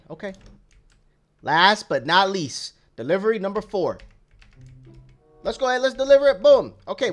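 A young man giving casual, slangy gameplay commentary as a YouTuber, rambling and excitable, shouting at other drivers. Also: sits high. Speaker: gaming YouTuber.

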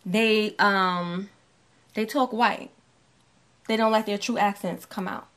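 A woman's voice: mid-range voice, fairly even intonation, slow pace, a bit bright. Talkative New woman. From New York. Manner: talkative, explains her points at length and acts out other people's voices. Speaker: podcast co-host. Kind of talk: casual chat.

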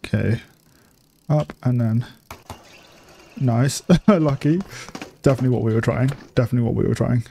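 Gravelly young streamer guy. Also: mid-range voice, moderate pace, long pauses, dark tone, slight background noise. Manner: chatty, swears freely, laughs often. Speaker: gaming streamer. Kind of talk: casual live-stream commentary.

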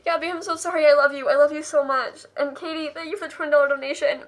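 Tearful high-voiced young woman streamer. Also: steady tone, quick pace, background noise. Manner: tearful, laughing through tears; gushing, affectionate thanks. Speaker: streamer reading out donations. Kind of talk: live charity stream.

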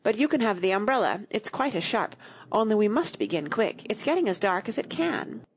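A woman voicing a fussy, boastful boy twin with a petulant, excitable manner. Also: mid-range voice, fairly quick, a little hiss or hum, voice pushed up.

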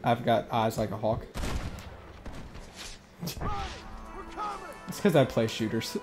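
A man's voice: mid-range voice, wildly swooping pitch, drawn-out words, music in the background. A man playing a western video game with casual, sarcastic commentary. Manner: giggly, sarcastic, narrates what characters think. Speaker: let's play player.

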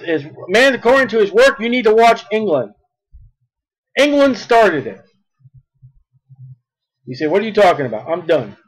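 Man, preacher, very high voice, fiery, repetitive cadences, shouts at climaxes. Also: low-quality recording. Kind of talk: fiery sermon.

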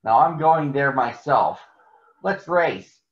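A man voicing a friendly, eager little steam engine in a storybook reading, sounding brisk. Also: medium pitch, lively intonation. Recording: echoey, muffled room recording.

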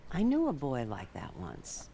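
A kind older aunt, slow, very lively pitch. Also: female voice, creaky, slight background noise, exaggerated voice, rough recording. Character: warm older aunt, caring shelter manager.

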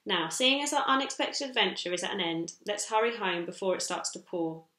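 A woman's voice: mid-range voice, expressive, fairly quick, pushed and bright, roomy sound. A woman voicing a cheerful, friendly mother in a children's story. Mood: fond.

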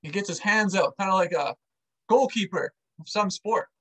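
A man's voice: high-pitched, normal speed, fairly bright tone, poor audio. A man, an army veteran, casually telling a personal story to camera and acting out the dialogue with animation.

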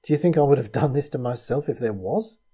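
A man's voice: medium pitch, animated, fast, mellow, husky, pitched above the performer's own voice. A man voicing a blunt, pragmatic adult man who speaks in a matter-of-fact way. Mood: grim.

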